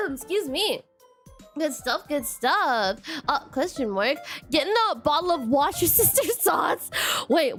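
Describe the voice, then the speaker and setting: A high, lively woman's voice on a casual live stream, giggling and laughing at herself as she trips over tricky words. Her pitch swoops up and down all the time, and faint music plays behind her. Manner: giggly, self-deprecating, stumbles over words.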